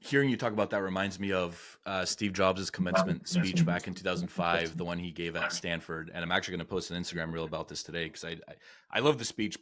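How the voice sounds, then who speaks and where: A man's voice: sits low, fairly bright tone. A man hosting a podcast, asking questions in a casual interview style with filler words. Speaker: podcast host.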